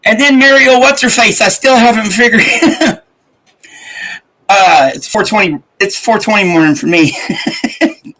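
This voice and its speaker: A man's voice: high-pitched, normal speed, bright, forceful tone, low-quality recording. A man hosting a morning live stream, rambling and laughing as he greets his chat. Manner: rambling, laughing, swearing, chatty. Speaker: livestream host.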